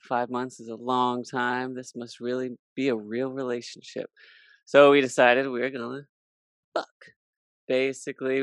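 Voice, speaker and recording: A man's voice: mid-range voice, smooth, no room sound. A young man telling a personal story in casual chat, matter-of-fact and blunt.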